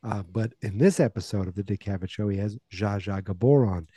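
Man, 40s, podcast host, casual chatty recap, warm mellow tone, dry close sound. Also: lowish voice, a little fast, husky, dry recording. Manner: chatty, wry, loose retelling with asides.

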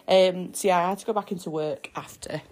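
A young woman hosting her own podcast, her voice pitched notably low. She tells a personal story in a chatty, excitable way, like she is chatting with a friend. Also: brisk. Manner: chatty, excitable, breaks off to coo at her baby. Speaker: podcast host. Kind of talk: casual storytelling.

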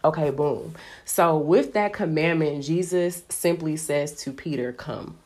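A woman with a low voice teaching from the Bible in a relaxed, conversational way. She talks animatedly, sprinkling her speech with "like". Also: measured pace. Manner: chatty, animated, heavy use of "like". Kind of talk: casual devotional teaching.

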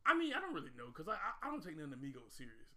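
A man in casual chat, telling stories in a slangy, animated way and mimicking other people's lines. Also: a little high, racing.

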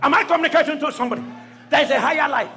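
A man preaching a shouted call-and-response sermon to a congregation, pausing for replies and breaking into tongues. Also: extremely high pitch, faint music behind, a faint crowd. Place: church service with congregation.

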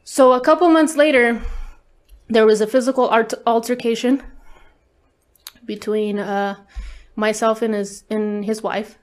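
A woman's voice: a little high, fairly even intonation, unhurried, pauses often. A woman speaking as an interview guest, telling a personal story in a casual, candid way, swearing often and leaning on fillers. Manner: candid, profane, lots of fillers.

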